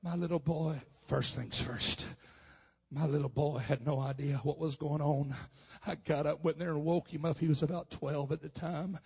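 A male preacher delivers a testimony from the pulpit with a gravelly, rough-edged voice. His tone is husky and worn. He swings between hushed, confiding stretches and loud, impassioned pushes. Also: on the high side, fairly even intonation, moderate pace. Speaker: pastor. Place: conference hall.

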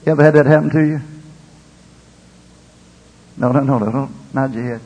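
A man's voice: on the high side, expressive, moderate pace, long pauses, mellow, husky, in a large hall, rough recording. An older man, a pastor, preaching a sermon with a rising and falling delivery and calls of "Amen.".

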